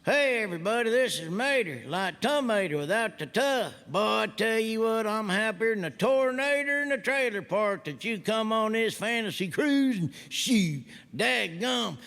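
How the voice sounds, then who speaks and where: A man's voice: high-pitched, lively intonation, normal speed, few pauses, a bit bright, big-room sound, pitched above the performer's own voice. A man voicing a cheerful, friendly male tow truck, drawling and full of homespun sayings.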